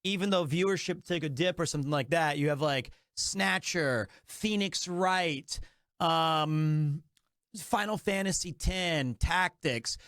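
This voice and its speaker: A man's voice: on the high side, slow pace, a bit bright, dry recording, studio quality. A man chatting casually on a live stream, enthusiastic and rambling, often restarting his sentences.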